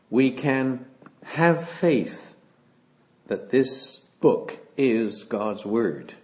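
A middle-aged man preaching a sermon in a measured way, with frequent hesitant fillers. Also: mid-range voice, a little mellow. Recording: slightly dull, lo-fi recording.

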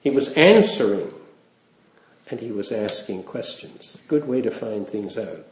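A man's voice: on the low side, lively intonation, measured pace, a little hiss or hum. A man preaching a sermon in a conversational way, with wry asides and small chuckles. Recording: roomy, dull lo-fi sound.

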